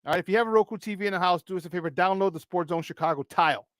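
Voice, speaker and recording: A high-pitched man hosts a morning sports talk show, full of hype and playful energy. His voice is dry and close, with no room sound around it. He talks loud and plays around with the audience. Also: very fast, no echo.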